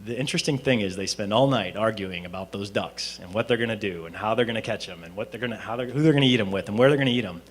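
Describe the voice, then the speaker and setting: A man's voice: fairly low pitch, fast talker, few pauses. A man giving an informal closing speech at a student presentation, conversational with frequent fillers and restarts. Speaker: speaker at a student team presentation. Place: event hall at a university presentation.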